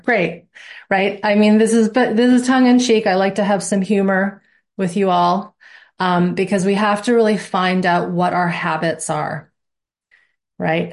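A woman instructor talking to her students in a live online class, with a playful, reassuring manner. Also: on the low side. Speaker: course instructor.

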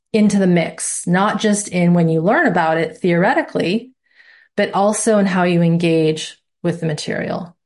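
A woman's voice: fairly low pitch, darkish tone. A woman instructor talking to her students in a live online class, with a playful, reassuring manner. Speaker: course instructor.

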